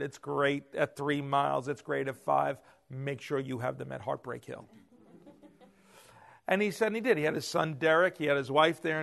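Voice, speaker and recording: A man preaching a sermon, swinging between loud emphasis and hushed asides. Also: medium pitch, vocal fry. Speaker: pastor.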